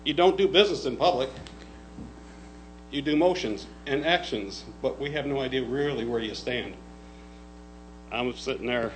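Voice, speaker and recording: A man's voice: medium pitch, moderate pace, pauses often, poor audio. A man with a mid-range voice criticizes how a county board runs its meetings. He asks rhetorical questions and answers them sarcastically. A faint hum sits under the recording. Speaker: public commenter.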